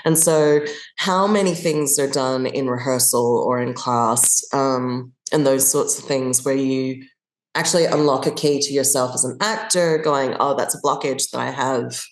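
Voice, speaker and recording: A woman from Australia with a low voice talks as a podcast guest, recorded in a roomy, echoey space. She thinks aloud, restarts her phrases and slips into little acted-out examples. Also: unhurried. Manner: thoughtful, restarts often, acts out examples. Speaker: guest actor. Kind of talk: conversational podcast interview.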